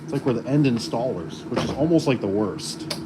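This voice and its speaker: Man, garage door installer, casual rambling chat, mid-range pitch, job-site noise, passing vehicles. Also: animated, a little fast. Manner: rambling, storytelling with lots of fillers. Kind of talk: casual work vlog chat.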